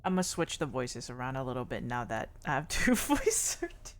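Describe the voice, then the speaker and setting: A woman's voice: rumbling low, big pitch swings, moderate pace. A woman guest streamer chatting casually in a chatty, giggly way. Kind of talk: casual chat.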